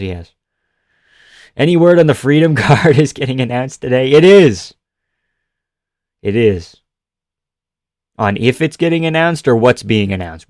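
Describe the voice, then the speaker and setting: A man's voice: mid-range voice, dry recording, clean studio sound. A man live-streaming in casual chat, joking and swearing as he answers viewers. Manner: profane, joking, rambling.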